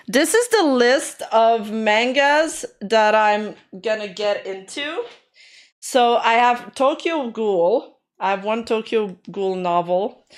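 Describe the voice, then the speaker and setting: Slow-talking woman with a sore voice. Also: medium pitch. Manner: laid-back, swears casually. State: sore voice after illness. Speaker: streamer reacting to videos. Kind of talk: casual stream chat.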